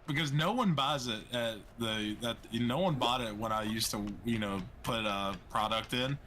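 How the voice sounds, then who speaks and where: Chatty male caller, mid pitch. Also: normal speed, bright, forceful tone, a little hiss or hum. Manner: chatty, hesitant, many fillers. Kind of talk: casual chat.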